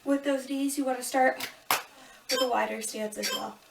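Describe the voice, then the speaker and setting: A woman's voice: sits high, fairly even intonation, normal speed, vocal fry, background noise. A woman fitness instructor giving upbeat, chatty coaching cues during a home kickboxing workout, a bit out of breath. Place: home room. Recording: echoey room from a distance.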